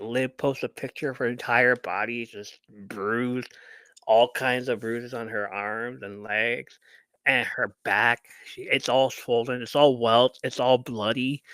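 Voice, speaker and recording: A man hosting a podcast who recaps a wrestling match like a lively story. He acts out what others said and swears casually, at an easy, unhurried pace. The sound is dry and close. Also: mid-range voice, smooth, dry recording. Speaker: podcast host.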